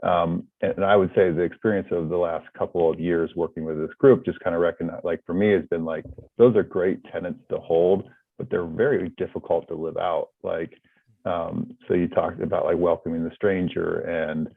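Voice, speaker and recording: A man's voice: sits low, little pitch movement, normal speed, vocal fry, no echo. A man from North America, a podcast guest, talking in a hesitant way with many restarts and fillers. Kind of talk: casual interview talk. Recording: tinny phone-like line.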